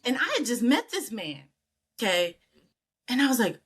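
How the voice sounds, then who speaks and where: A woman's voice: on the high side, sing-song, moderate pace, fairly bright tone, slightly rough. A middle-aged American woman telling a story as an interview guest, acting out the people she quotes with big jumps in her voice. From United States. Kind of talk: casual storytelling.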